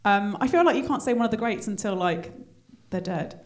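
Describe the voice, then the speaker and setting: A woman's voice: mid-range voice, animated, fairly quick, heavy background noise. A woman hosting a podcast in casual chat, giggly and full of fillers. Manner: chatty, giggly, many fillers. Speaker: podcast host.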